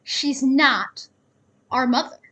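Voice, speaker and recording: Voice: high voice, slow, sharp tone, full character voice. A young actor playing a sarcastic, resentful son who answers with snarky disbelief, in a school play over a video call. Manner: snarky, incredulous.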